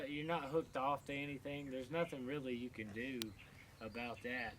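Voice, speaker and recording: A tower climber, telling stories in a casual, profane, animated way. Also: male voice, mid-range voice, a little hiss or hum. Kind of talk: casual storytelling.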